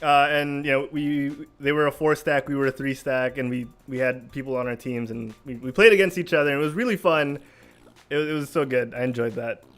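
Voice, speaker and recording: A man hosting a casual gaming livestream, excitable, repeating himself and laughing often. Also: medium pitch, brisk, soft background music. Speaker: podcast host.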